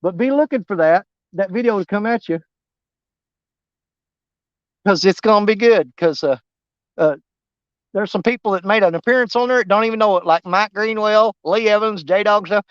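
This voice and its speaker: A man's voice: high voice, normal speed, pauses often, clean tone, no echo, highs cut off. A man, live-streaming from a riverbank while fishing. He rambles to his viewers in a folksy, easygoing way and is winded. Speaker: fishing vlogger. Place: outdoors at a riverbank.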